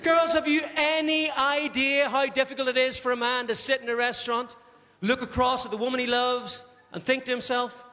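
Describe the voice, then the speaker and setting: A man's voice: extremely high pitch, little pitch movement, moderate pace, a little hiss or hum. A male stand-up comedian on a large theatre stage, acting out flustered, indecisive diners in his routine. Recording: echoey theatre with loud audience laughter.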